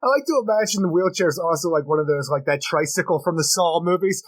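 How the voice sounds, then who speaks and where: Man co-host, a bit husky, slightly high pitch, dry booth sound, casual comics chat. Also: fast, dry recording, rough recording. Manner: wry, deadpan jokes. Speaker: podcast co-host.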